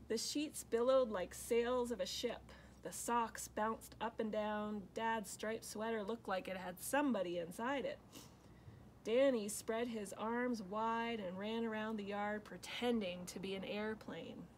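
A woman reading a picture book aloud for children, pausing to ask her listeners questions. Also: medium pitch, fairly even intonation, slight background noise, rough recording.

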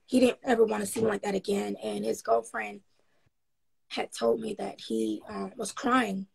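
Woman guest, rough breathy rasp, rambling frank storyteller with lots of ums, upbeat. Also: medium pitch, little pitch movement, moderate pace, a little mellow, low-quality recording. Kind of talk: casual interview storytelling.

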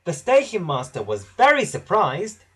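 A man narrating a children's storybook in a lively, animated way. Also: a little high, a little slow, slightly rough.

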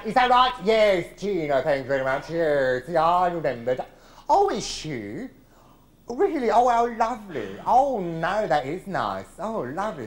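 Man impersonating a camp, drawling comedian. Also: high-pitched. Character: camp nasal older male comedian, arch, gossipy. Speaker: stage performer in one-man show. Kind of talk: live stage impression. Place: large theatre, live audience.

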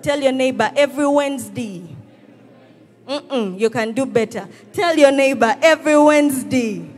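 Rousing woman hyping a church crowd. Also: fairly high pitch. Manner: rousing, calls and responses, often shouting. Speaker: church service host. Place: church hall with live congregation. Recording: church service with music behind. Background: music.

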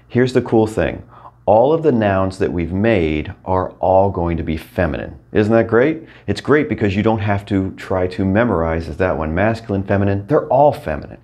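Deep-voiced man teaching a lesson. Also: darkish tone. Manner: patient, encouraging, repeats words slowly for practice. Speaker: Spanish teacher. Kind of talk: recorded language lesson.

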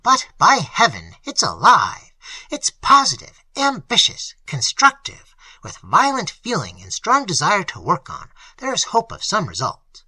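A reader voicing a fervent, hoarse old pastor. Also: medium pitch, wildly swooping pitch, unhurried, pushed and bright, no room sound, heavily acted. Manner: fervent, emphatic.

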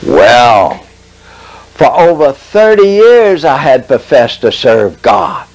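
A man delivering a testimony sermon in a lively, animated voice that rises and falls widely. He preaches with drama, drawing out key phrases slowly and leaning on long pauses. His pitch sits in an ordinary middle range. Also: poor audio.

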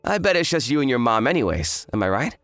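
A man's voice: medium pitch, very animated, fast, fairly bright tone, dry recording, soft background music. A man voicing an arrogant, hungover young fiancé who talks in a smug, dismissive drawl. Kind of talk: dramatized story voice acting.

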